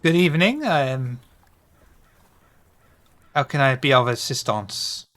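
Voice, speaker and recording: Man doing a hammy cloaked doorman, mock-French accent, bright voice. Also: medium pitch, steady tone, measured pace. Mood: courteous.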